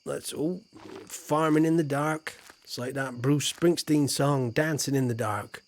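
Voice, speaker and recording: A man's voice: fairly high pitch, a little slow. A middle-aged man with an English accent chatting playfully to his viewers as he streams a farming game, muttering asides and letting sentences trail off. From England. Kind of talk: casual live-stream gameplay chat.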